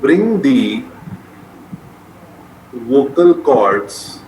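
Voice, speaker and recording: A man with an Indian English accent teaching medical students, dictating notes slowly and repeating each point, often calling them beta. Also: mid-range voice, sing-song, a little mellow. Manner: repetitive, addresses listeners as beta. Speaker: medical lecturer. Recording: echoey room with faint noise.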